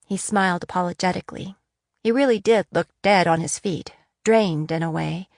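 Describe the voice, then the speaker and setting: A woman narrating a fantasy audiobook in a measured, steady reading. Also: medium pitch, vocal fry, dry recording, clean studio sound. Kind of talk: scripted narration.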